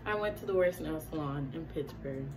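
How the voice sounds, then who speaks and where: A woman vlogger in a casual rant, animated and exasperated, talking with lots of slang. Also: deep voice, fairly quick, loud music behind the voice.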